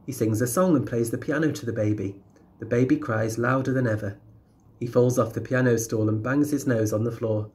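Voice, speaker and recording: A man, a teacher, reading a children's picture book aloud with steady, clear storytelling. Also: medium pitch, fairly quick.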